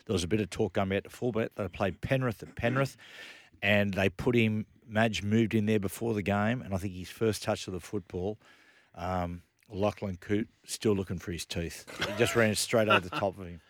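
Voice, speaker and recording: Rambling radio host. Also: male voice, fairly low pitch, steady tone, moderate pace, no echo. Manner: self-mocking, rambling storyteller. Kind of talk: casual sports chat.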